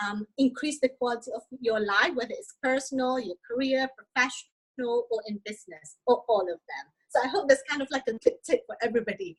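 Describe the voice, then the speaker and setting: A woman coach with a notably high voice talks with lively enthusiasm as an interview guest. She leans on "like" and adds tag questions to draw the host in. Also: brisk, breathy edge, poor audio. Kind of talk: casual interview chat.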